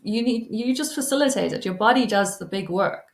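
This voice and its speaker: Soothing woman guiding slow breathing. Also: fairly high pitch, expressive, vocal fry, echoey room. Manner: soft, soothing, reassuring. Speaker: trauma-informed healing coach. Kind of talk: gentle guided breathing and self-help talk.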